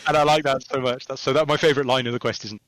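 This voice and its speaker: A man talking as a game developer guest on a podcast, rambling and hesitant, then animated when telling stories. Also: mid-range voice, rapid-fire, no echo. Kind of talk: casual podcast chat.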